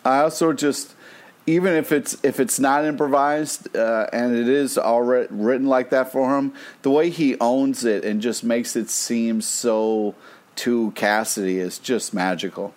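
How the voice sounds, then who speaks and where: A man's voice: mid-range voice, steady tone, a little slow, darkish tone. A man co-hosting a casual podcast, gushing about a TV episode with lots of "like" fillers. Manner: enthusiastic, filler-heavy, with lots of "like". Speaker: podcast co-host. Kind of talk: casual chat.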